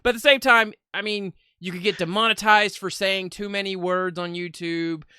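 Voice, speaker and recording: A man's voice: high-pitched, fairly even intonation, normal speed, sharp tone, clear, resonant tone, no echo, studio quality. A man co-hosting a podcast, speaking frankly and offering his opinions. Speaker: podcast co-host. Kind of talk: casual chat.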